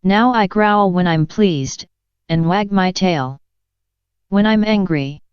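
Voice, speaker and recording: A woman reading the part of a sly, grinning cat who speaks in riddles, in a slow, dull lo-fi recording. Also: medium pitch, clear, resonant tone, no room sound, lightly acted. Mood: teasing. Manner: teasing, matter-of-fact. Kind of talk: audiobook character reading. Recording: dull lo-fi sound.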